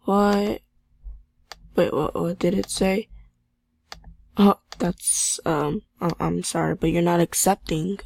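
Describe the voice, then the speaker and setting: A woman giving casual gameplay commentary, excitable and easily flustered, stammering and grumbling impatiently about lag. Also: lowish voice, slow, vocal fry, pauses often, dry recording. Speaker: game video creator.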